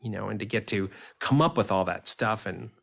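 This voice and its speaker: A man in his fifties, a guest on an interview podcast, telling lively stories and laughing often. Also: fairly low pitch, fairly quick, creaky, breathy edge. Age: 50s. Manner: animated storyteller, laughs often. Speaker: guest actor.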